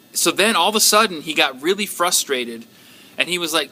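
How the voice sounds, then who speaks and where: Bright-voiced man sharing a testimony. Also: on the high side, animated. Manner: casual, halting, lots of ums and likes. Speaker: church member sharing a testimony. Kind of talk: testimony to a prayer group.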